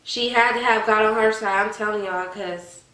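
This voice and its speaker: A woman's voice: mid-range voice, moderate pace, reverberant, recorded from a distance, rough recording. A woman, chatting animatedly to her viewers in a casual commentary. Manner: animated, addresses viewers as y'all. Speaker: vlogger.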